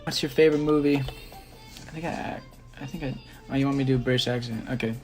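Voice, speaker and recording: A man's voice: mid-range voice, steady tone, brisk, a little mellow, soft background music. A young man, a dancer, chatting casually on a phone livestream and rambling through fan questions with frequent ums.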